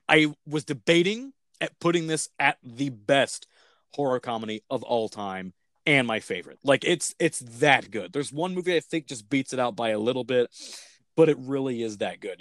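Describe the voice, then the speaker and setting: A man's voice: medium pitch, normal speed, fairly bright tone, no echo, clean studio sound. A man hosting a casual podcast, talking enthusiastically and rambling with tangents. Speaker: podcast host reviewing films. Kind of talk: casual chat.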